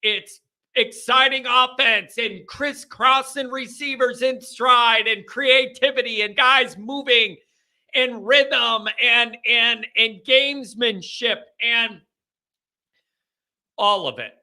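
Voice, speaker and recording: A young man hosts a live fan stream. His voice is high and very bright. He rants heatedly and sounds exasperated, with stuffed-up sinuses. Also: slow. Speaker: fan show host.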